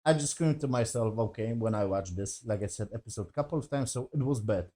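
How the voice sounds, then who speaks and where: A man's voice: mid-range voice, quick pace, warm tone. A man giving a casual, rambling review of a TV episode, swearing often and sounding exasperated. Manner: profane, exasperated, rambling with many fillers. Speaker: TV show reviewer.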